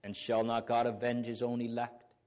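A man's voice: medium pitch, little pitch movement, moderate pace, darkish tone. A man preaching a sermon, earnest and fervent, with old biblical phrasing and rising exclamations.

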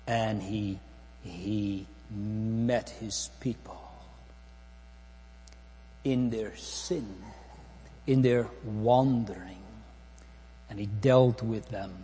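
Slow, dark-voiced man preaching in a hall. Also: mid-range voice, breathy edge. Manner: slow, solemn preaching with long pauses, swelling and dropping to near-whisper. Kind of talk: sermon. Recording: long hall reverb, faint mains hum.

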